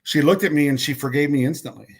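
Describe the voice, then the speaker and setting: This man's voice sits a little high, moves fast, and has a breathy edge. As a podcast guest he tells a personal story bluntly, swears a bit, repeats and trips over words, and acts out what others told him.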